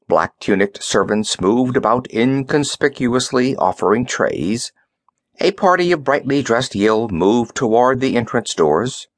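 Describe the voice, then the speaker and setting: Expressive male audiobook narrator. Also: medium pitch, no echo, clean studio sound. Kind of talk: scripted narration.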